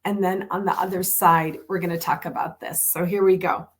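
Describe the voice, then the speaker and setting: An older woman hosting a podcast, speaking in an earnest, emphatic way and slowing down when she reads aloud. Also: on the low side, steady tone. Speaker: podcast host. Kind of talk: warm reflective podcast conversation.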